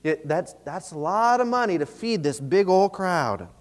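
A man's voice: high voice, animated, moderate pace. A man preaching, voicing worried disciples as anxious, pleading men who question their teacher. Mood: doubtful. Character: worried, reasonable male disciples, adult men. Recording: long reverb of a large hall.

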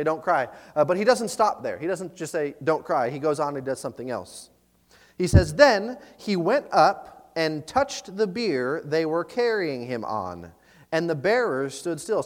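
A man preaching from a church sanctuary, his voice pitched high and swinging widely as he retells the story. He talks in bursts with many restarts. A long reverb trails each phrase. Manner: animated storytelling with frequent restarts. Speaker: pastor. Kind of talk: sermon.

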